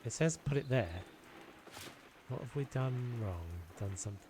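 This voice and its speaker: A man's voice: mid-range voice, a little slow, background noise. A man giving casual, self-deprecating commentary as he plays, thinking aloud and muttering to himself. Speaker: gameplay video creator.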